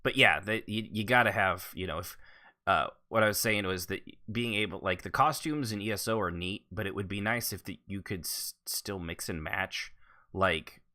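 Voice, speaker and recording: A man with a low, deep voice and a bright, forceful edge to it. He chats casually on a podcast. His phrasing rambles and restarts as he works out his thoughts. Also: moderate pace. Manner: rambling, stop-start phrasing. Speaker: podcast co-host.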